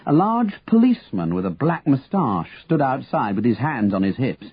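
A man reading a story aloud with expressive, lively storytelling. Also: mid-range voice, moderate pace, slightly rough, no echo, highs cut off. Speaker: narrator.

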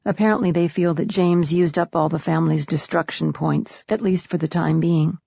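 Gravelly, husky woman narrating a story. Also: deep voice, fairly even intonation, warm tone, dry recording, clean studio sound. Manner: measured, intimate storytelling. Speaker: audiobook narrator. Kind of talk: scripted narration.

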